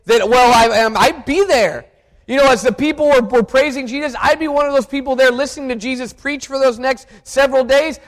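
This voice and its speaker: A man preaching a sermon as pastor, earnest and reflective, often restarting and repeating words. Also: very high voice. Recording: long hall reverb.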